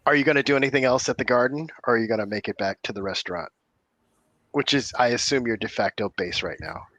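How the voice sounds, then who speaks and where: A man's voice: medium pitch, quick pace, a bit bright, no echo. A man running a tabletop game as game master, narrating and swooping into character voices.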